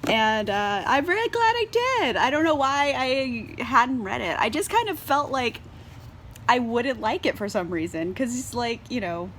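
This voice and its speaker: A woman's voice: a little high, animated, unhurried, a bit bright, a little hiss or hum. A tipsy young woman reviewing a book in a casual vlog, bubbly and laughing often, swearing freely and saying "like" a lot. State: tipsy from wine. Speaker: book vlogger.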